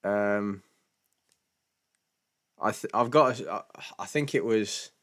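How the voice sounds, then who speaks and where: Chatty British man, low voice. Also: takes it slowly, a bit bright. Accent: British English. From Britain. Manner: chatty, laughs often, stammering restarts; jokey mock voices when quoting others. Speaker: live stream host. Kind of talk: casual live stream Q&A chat.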